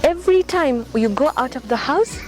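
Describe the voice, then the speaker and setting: A high-pitched woman speaks through a face mask while she shows a group of children how to stay clean. She is patient and repetitive, with short encouraging praise and constant checks that they follow. Music plays clearly behind her. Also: expressive, moderate pace, rough recording. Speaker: charity volunteer teaching children. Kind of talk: instructing children. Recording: music playing under the speech. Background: loud background music.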